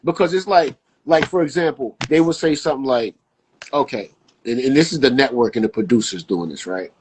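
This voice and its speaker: A man in casual podcast chat as a guest, telling stories with slang and jumping up in pitch when he acts out quotes. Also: a little fast, slight background noise. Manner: animated storyteller, jumps high acting out quotes, casual slang.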